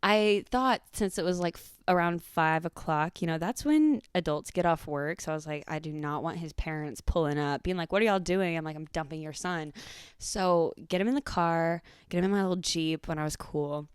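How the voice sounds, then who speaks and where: A woman, hosting a podcast and telling a profane, animated story in casual chat. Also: low voice, normal speed, clear, resonant tone, no room sound, studio quality. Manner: animated, profane, acts out quotes. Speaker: podcast host.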